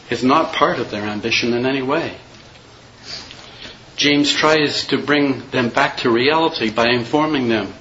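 A man's voice: medium pitch, a bit bright, dull audio, slight background noise. Earnest male preacher reading scripture. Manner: measured, earnest preaching with quoted verses.

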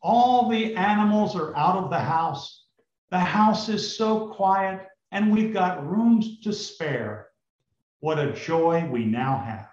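A desperate poor father of six pours out his troubles in a lively, swooping voice, pleading and exclaiming, as a preacher acts him out. The voice sits fairly high for a man, the pace is slow, and the sound is roomy and a little dull. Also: heavily acted. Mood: joyful. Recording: roomy, slightly dull recording.

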